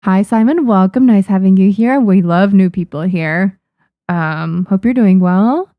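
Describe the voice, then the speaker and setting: A young adult woman who draws manga chats casually on a livestream through her desk microphone, thanking viewers with frequent ums. Her voice is mid-range and a little slow, and the audio is narrow and tinny with no echo.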